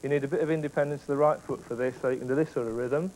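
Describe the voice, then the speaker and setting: A man's voice: mid-range voice, fairly even intonation, very fast, a little mellow, a little hiss or hum, low-quality recording. Methodical male drum instructor. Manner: clear, methodical, counts beats aloud. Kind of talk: instructional explanation with demonstrations.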